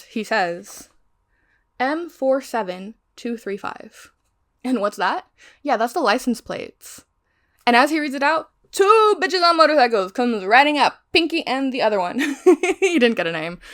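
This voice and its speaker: A woman's voice: fairly high pitch, expressive, moderate pace, a bit bright. A woman giving a casual, rambling recap of a crime novel she is reading, going off on tangents and swearing freely. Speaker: book reviewer.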